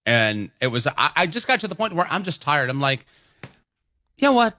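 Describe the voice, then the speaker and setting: A male radio co-host chats through casual morning banter with a bright, forward tone. His pitch swings widely as he tells animated stories. The studio sound is close and dry. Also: no room sound. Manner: animated storytelling, quick laughs. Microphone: studio microphone.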